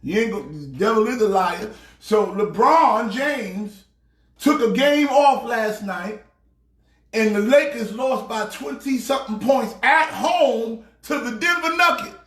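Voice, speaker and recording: A man playing a loud, excitable pastor ranting about sports teams. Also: extremely high pitch, a little slow, echoey room, exaggerated voice. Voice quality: preachy, shouting rant. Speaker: comedic sports pastor character. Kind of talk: comedic sports rant.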